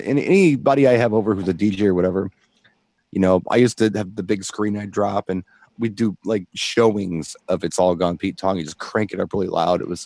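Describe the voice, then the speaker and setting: A man's voice: on the low side, warm tone, dry recording. Rambling, enthusiastic male DJ. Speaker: DJ co-host. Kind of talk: casual chat.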